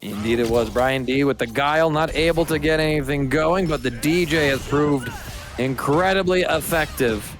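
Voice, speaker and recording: A man's voice: a little high, normal speed, faint music behind. A man co-commentating a fighting-game tournament, breaking down plays in a chatty, analytical way. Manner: analytical, chatty, laughs easily. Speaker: esports co-commentator.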